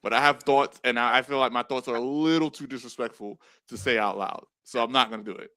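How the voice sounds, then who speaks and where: A man co-hosts a wrestling chat, blunt and exasperated, repeating himself for emphasis. His voice is bright and forceful, recorded close and dry. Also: medium pitch, fairly even intonation, fast talker, dry recording. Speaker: podcast co-host. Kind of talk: casual wrestling review chat.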